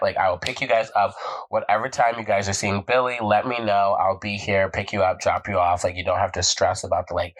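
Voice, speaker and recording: Young male vlogger, slightly low voice, animated storyteller who jumps into character voices. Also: poor audio. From Southern California. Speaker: vlog host. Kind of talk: casual storytelling.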